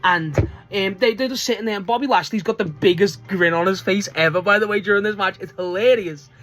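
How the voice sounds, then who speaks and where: Casual male reviewer, excitable and profane, laughs through his sentences, rambles with restarts. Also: high-pitched, brisk, soft background music. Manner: excitable, swears often, laughs mid-sentence; rambling, full of restarts and filler. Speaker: wrestling reviewer. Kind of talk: casual spoken show review.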